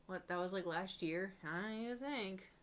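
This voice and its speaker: Young woman streamer just rambling while painting, animated, keeps quoting herself. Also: mid-range voice, normal speed. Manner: rambling, animated storytelling, quotes herself with exclamations. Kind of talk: casual chat while painting on a live stream.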